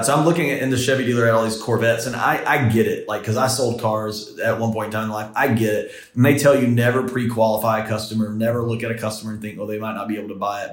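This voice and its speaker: A man's voice: on the low side, reverberant. A man telling a personal story as a podcast guest, in a loose, rambling way full of "like". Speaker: entrepreneur guest. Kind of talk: casual storytelling in a podcast interview.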